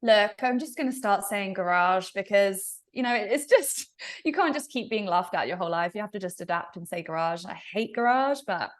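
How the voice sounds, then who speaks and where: A young woman with an English accent, a podcast guest telling animated stories in a casual interview and laughing often. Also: medium pitch, a little fast. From England.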